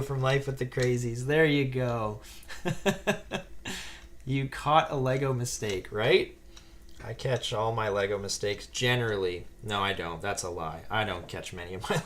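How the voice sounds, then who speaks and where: A man's voice: medium pitch, fairly bright tone, a little hiss or hum. A man hosting a casual live stream, chatting and reading viewer comments aloud while he builds a set. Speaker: live-stream host building Lego sets.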